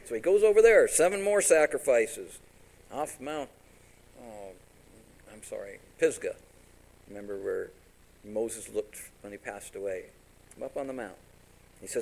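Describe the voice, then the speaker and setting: Over poor audio, a medium-pitched man preaches at a moderate pace. His sermon retells a story in animated fashion, with him acting out every character's lines and asking the congregation questions.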